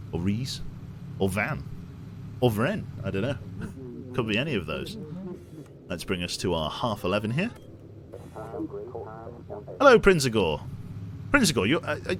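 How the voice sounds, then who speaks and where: A man's voice: lowish voice, wildly swooping pitch, normal speed, long pauses, noisy background. A young man streaming a game, chatting casually with viewers, reading chat aloud and swearing now and then. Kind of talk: casual gameplay commentary.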